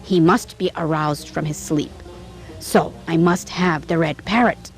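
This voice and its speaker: A woman's voice: deep voice, measured pace, soft background music, low-quality recording. Woman playing a cruel spoiled young princess. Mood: imperious. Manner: stern and commanding.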